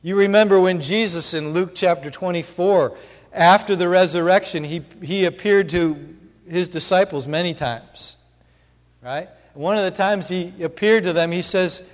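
A man's voice: a little high, measured pace. A man preaching a sermon, earnestly explaining scripture step by step, in a long church-hall reverb.

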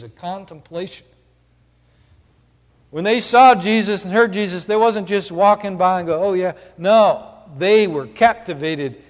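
A man preaching a sermon, earnestly explaining scripture step by step, in a long church-hall reverb. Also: high-pitched.

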